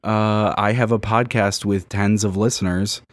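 Low-voiced young man rambling a story. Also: steady tone, a little slow. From Miami. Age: 20s. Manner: rambling, self-mocking storytelling. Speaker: podcast co-host. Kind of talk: casual podcast chat.

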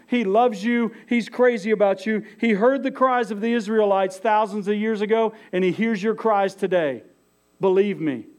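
A man's voice: sits high, a little mellow. A middle-aged man preaching a sermon as pastor, emphatic and talking straight to his listeners. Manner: emphatic, addresses listeners as "guys".

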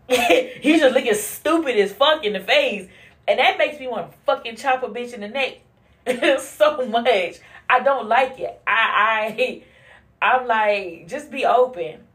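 A woman hosting a casual monologue podcast, blunt and profane, who laughs often and swings from low mutters to high bursts. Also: a little slow, fairly bright tone. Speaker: podcast host.

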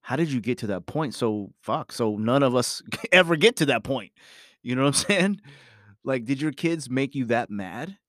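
A man speaks as a parent about his family in a casual, rambling monologue, emphatic and full of swearing and "you know." His medium-pitched voice has lively intonation, a moderate pace and a slightly bright tone, on a dry, studio-quality recording.

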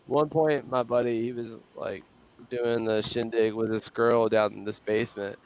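A man's voice: mid-range voice, flat delivery, moderate pace, a little mellow, smooth. A man calling into a live stream, chatting crudely and telling a rowdy, profane story. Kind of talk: crude casual chat.

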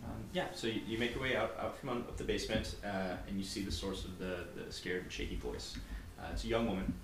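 Low-voiced, hesitant male game master. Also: steady tone, fairly quick, reverberant, background noise. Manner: hesitant, full of ums and restarts. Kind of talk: narrating a tabletop game.

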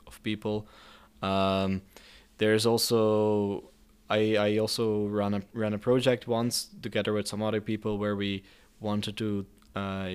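A man with a fairly low, clear and smooth voice answers an interviewer's questions about mediating conflicts. He speaks thoughtfully and hesitantly, often restarting his sentences. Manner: hesitant, many restarts and fillers.

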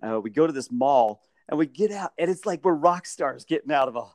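Animated man telling stories. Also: fairly high pitch, brisk, dry recording, clean studio sound. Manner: animated, laughing storyteller. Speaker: storyteller. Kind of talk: casual chat.

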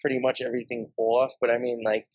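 A man's voice: mid-range voice, little pitch movement, quick pace, darkish tone, slightly rough, dry recording, poor audio. New York man, podcast guest, rambling storyteller, dry close sound. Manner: rambling, heavy swearing, laughs often. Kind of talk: casual storytelling.

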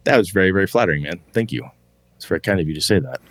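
A man's voice: low-pitched, animated, very fast, fairly bright tone, no echo. A man hosting a casual podcast about tabletop gaming, talking candidly, swearing freely and laughing often. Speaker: podcast host.

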